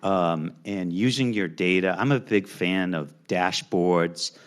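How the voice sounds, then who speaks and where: A man's voice: deep voice, takes it slowly. A man answering a question on a finance panel in a casual way, often saying "you know" and restarting phrases, in a university event hall. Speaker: panelist, company CFO.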